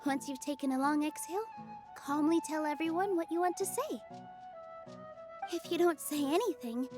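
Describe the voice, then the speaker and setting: A woman voicing a gentle young woman dancer who speaks with soothing encouragement, heard as game audio. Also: high-pitched, normal speed, lightly acted. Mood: reassuring. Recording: game audio over loud music.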